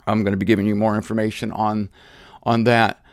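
A man's voice: lowish voice, flat delivery, a little fast, no echo, clean studio sound. A man teaching the Bible in a conversational, digressive way, with self-deprecating asides.

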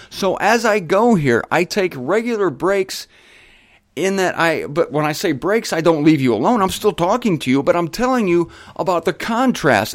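A man's voice: high voice, no room sound, clean studio sound. A man hosting a show, teaching the Bible in an emphatic, conversational way that wanders into side remarks and talks straight to his listeners. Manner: spells words out letter by letter.

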